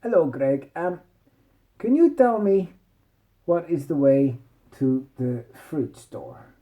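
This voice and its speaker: A man voicing a lazy young Italian princess in a bedtime story, with high, drawn-out exclamations. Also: very animated, phone-quality sound. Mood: gushing.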